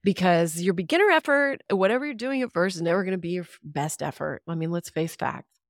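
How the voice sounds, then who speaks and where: A woman's voice: on the low side, brisk, no echo, studio quality. Candid, swearing woman on a podcast. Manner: candid, ranting, laughs often, swears. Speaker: podcast guest. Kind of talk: casual podcast conversation.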